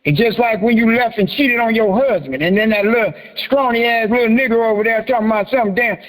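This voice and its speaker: High-voiced man, echoing joking talk. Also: fast, a bit bright. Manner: joking, profane and laughing, then reading out a form letter. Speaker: host of a private group meeting. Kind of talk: casual teaching talk. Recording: long echoing reverb.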